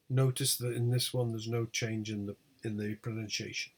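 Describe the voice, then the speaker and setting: A man teaching a lecture on English word stress, speaking slowly and deliberately and over-stressing each example word. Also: on the low side, level tone. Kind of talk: lecture on pronunciation.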